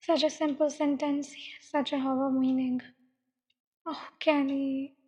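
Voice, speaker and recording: A woman calmly narrating a dark adult story in a measured way. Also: high-pitched. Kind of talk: reading dark fiction aloud. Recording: dull, long echoing reverb.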